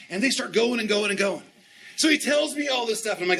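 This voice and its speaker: A man's voice: high voice, lively intonation, quick pace, pushed and bright, far from the mic, slight background noise, rough recording. A man in his fifties giving a training talk, telling a story animatedly and acting out the dialogue. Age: 50s. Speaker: ski instructor trainer. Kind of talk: storytelling presentation.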